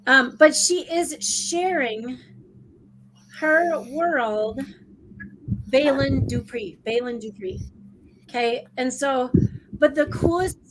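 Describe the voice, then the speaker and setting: A woman co-hosting a casual online debrief, talking in a rambling, excitable way with many restarts. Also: high voice, a little hiss or hum, rough recording. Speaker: co-host. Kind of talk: casual chat.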